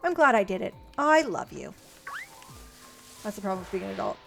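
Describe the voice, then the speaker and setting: A woman's voice: medium pitch, lively intonation, brisk, vocal fry. A young woman streaming, casually reading her old letters aloud and mocking her past self, swearing freely. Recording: faint music behind.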